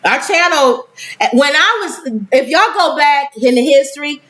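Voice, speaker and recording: A woman co-hosting a casual live-stream talk show, animated and quick to laugh, reading viewer comments aloud. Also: sits high, poor audio.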